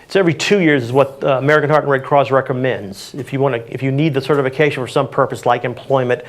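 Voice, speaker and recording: A man's voice: medium pitch, fairly even intonation, fast talker. A man answering audience questions on CPR in a community panel, practical and plain-spoken with frequent fillers.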